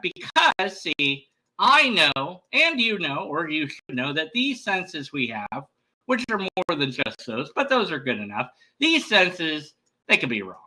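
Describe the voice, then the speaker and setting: Bright, lively man rambling to camera. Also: on the high side, a little slow, poor audio. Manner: rambling, many fillers and restarts. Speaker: YouTuber. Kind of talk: casual vlog monologue.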